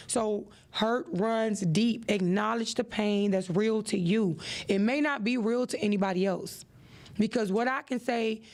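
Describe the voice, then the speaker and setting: Woman host with a gravelly edge, preachy and animated. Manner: animated and preachy, with expressive rises in pitch. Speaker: podcast host. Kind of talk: motivational podcast talk.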